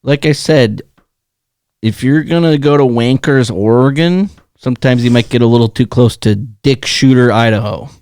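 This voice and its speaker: A man's voice: medium pitch, moderate pace, darkish tone, no room sound, studio quality. A man co-hosting a podcast in casual chat, riffing on crude puns and joking with his partner. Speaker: podcast co-host.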